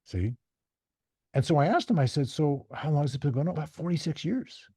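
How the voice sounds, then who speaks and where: A man talks with a dark, husky tone in a dry, close sound. He tells stories casually and animatedly, jumping high to act out the people he quotes. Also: a little fast, no room sound. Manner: animated, acts out quoted voices. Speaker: podcast guest. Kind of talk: casual storytelling.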